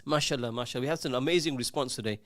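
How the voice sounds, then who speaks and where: Male radio host, joshing and chatty, dry close studio sound, mid pitch. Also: very fast, a bit bright, dry recording. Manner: jokey, teasing, reads out listener messages. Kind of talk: casual call-in radio chat.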